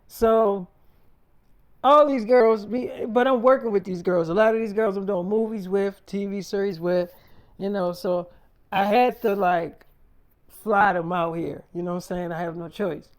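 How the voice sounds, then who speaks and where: A man's voice: high voice, steady tone, unhurried. A man telling a long story in a rambling, profane, casual way, repeating himself and quoting others as he goes.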